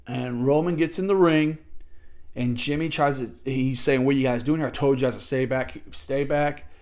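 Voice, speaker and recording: A man recapping wrestling matches in a casual, excitable way, with a voice of middling pitch. He jumps into quick impressions of the wrestlers and the commentators as he tells the story. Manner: excitable, acts out the wrestlers' lines. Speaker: wrestling podcast host.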